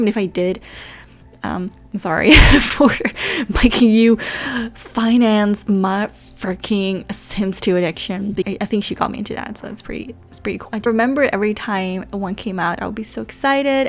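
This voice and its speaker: Chatty young woman, Dutch native. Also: medium pitch. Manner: chatty, rambling, self-deprecating. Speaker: gaming YouTuber. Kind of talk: casual chat.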